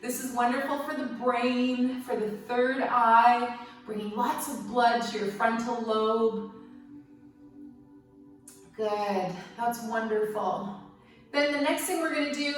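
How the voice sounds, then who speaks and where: A woman leads a yoga class with a bright, slightly high voice, gentle and playful, dropping light jokes between cues. She is heard from a little way off the mic, in a strongly echoing room. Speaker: yoga instructor. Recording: very echoey room, mic at a distance.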